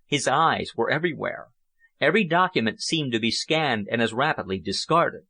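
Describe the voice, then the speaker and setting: A man with a mid-range voice reads a novel aloud as an audiobook narrator. His delivery of the scripted narration is steady and measured.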